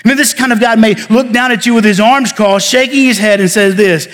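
A man pastor preaching a sermon, building emphasis and then falling to soft near-whispers. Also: high-pitched, a little fast, hardly any pauses, in a large hall. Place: church sanctuary.

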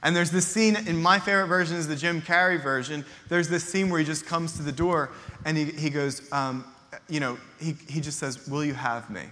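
A man's voice: on the high side, steady tone, normal speed, pushed and bright, long reverb tail. A male pastor preaching a casual, conversational sermon, retelling a story and acting out its characters' lines. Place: church hall.

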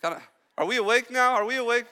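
A young man preaching as a student pastor, chatty and joking with quick asides to the congregation. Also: very high voice, pushed and bright, smooth, big-room sound. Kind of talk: sermon. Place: church hall.

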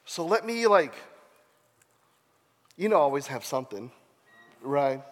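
A man's voice: on the high side, very animated, a little slow. A man preaching, reading scripture aloud with playful, self-mocking asides. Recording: long reverb of a large hall.

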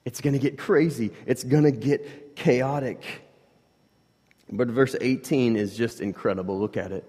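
A man's voice: medium pitch, a little slow. Man preaching in a reverberant hall. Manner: conversational, swings from hushed to loud, many "like" fillers. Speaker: pastor. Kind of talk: sermon.

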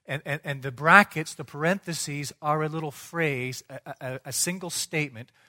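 At a normal pace, a male pastor delivers an emphatic, rhetorical sermon, sinking to a low, quiet tone before building to a loud peak on each point.

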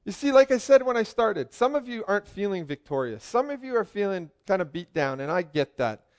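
Man, preacher, high voice, very expressive, jokes with the crowd. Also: fairly quick. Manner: joking, asks the crowd questions, swings from loud calls to quiet asides. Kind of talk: lively sermon to a congregation.

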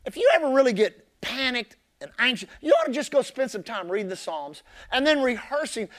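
In this sermon, a pastor repeats key lines with fervor, alternating loud, shouted emphasis with hushed, low remarks. His pitch swings widely, his delivery is brisk, and he pauses little.

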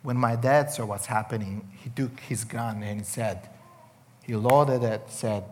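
A man's voice: mid-range voice, fairly even intonation, a little slow, a little mellow. Emotional man telling his story. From Serbia. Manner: emotional storytelling with many restarts. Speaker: guest sharing testimony. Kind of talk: personal testimony.

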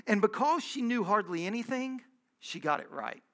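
Male pastor, gravelly edge, conversational sermon with emphatic repetition. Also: high-pitched, very animated, moderate pace, fairly bright tone.

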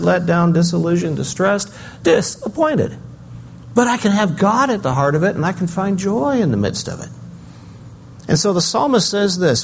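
An older man preaching a sermon, swinging between loud emphasis and quiet, reflective asides. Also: high-pitched, a little hiss or hum. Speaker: pastor.

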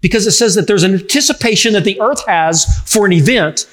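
A middle-aged man preaching a sermon in a lively, conversational way, joking with the congregation. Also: high-pitched, a little fast. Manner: animated, conversational, jokes with the congregation. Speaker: pastor.

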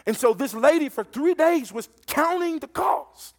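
A high-pitched male preacher delivers a sermon with fervour. He tells stories from the pulpit and often repeats a word as he restarts his thought. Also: animated, unhurried. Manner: fervent, storytelling, repeats words when restarting.

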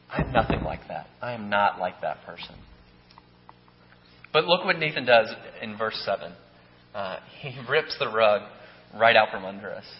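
A man's voice: medium pitch, a little hiss or hum. A man preaching a sermon in a loose, conversational way, often checking in with "right?" and restarting his sentences. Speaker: pastor. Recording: echoey hall, dull lo-fi sound.

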